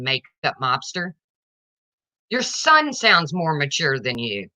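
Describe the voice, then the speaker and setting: Indignant woman with a bright, sharp voice. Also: low voice, very animated, slow. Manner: indignant, confrontational, addresses viewers directly. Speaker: livestreamer. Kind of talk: livestream rant to viewers.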